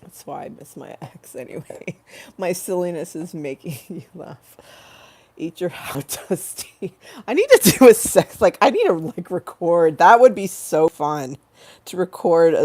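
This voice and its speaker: A woman's voice: deep voice, a little mellow. A woman chatting on an impromptu live stream, swearing freely and breaking into giggles. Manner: profane, giggly and silly; breaks into laughing fits.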